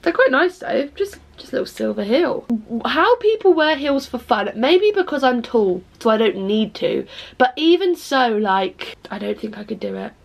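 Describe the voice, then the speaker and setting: Tired and speaking low at night, this young Englishwoman chats casually on her vlog, mocking herself, swearing often, and breaking into bits of song now and then. Her high voice is creaky and very animated, at a normal speed.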